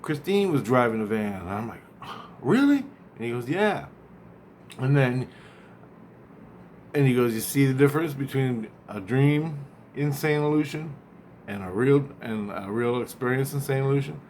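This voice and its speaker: A man casually retelling a dream, rambling and acting out both sides of the conversation, often halting and repeating words. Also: medium pitch, animated, a little mellow, a little hiss or hum.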